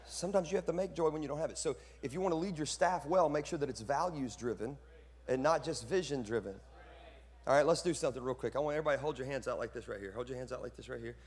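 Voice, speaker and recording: Speaking quickly in a medium-pitched voice, this man delivers a lively sermon to fellow pastors, joking around and launching into preacher-style outbursts. The sound has a hall's reverb.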